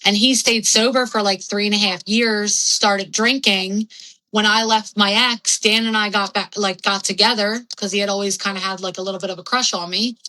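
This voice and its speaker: A woman's voice: medium pitch, fairly even intonation, moderate pace, sharp tone, poor audio. A young adult woman telling her own story candidly as a podcast guest, rambling and frank with lots of fillers and swearing.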